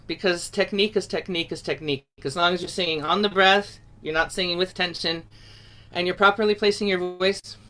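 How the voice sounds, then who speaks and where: A woman leads an online singing lesson, explaining calmly and step by step. Her voice is bright and forward. Now and then she breaks into loud, open folk singing for the class to copy over the video call. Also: on the low side, brisk. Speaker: singing teacher.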